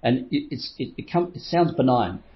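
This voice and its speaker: A man's voice: mid-range voice, animated, moderate pace. A middle-aged man coaching in a motivational talk, telling stories and acting out his own inner voice with frequent chuckles. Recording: slightly dull lo-fi recording.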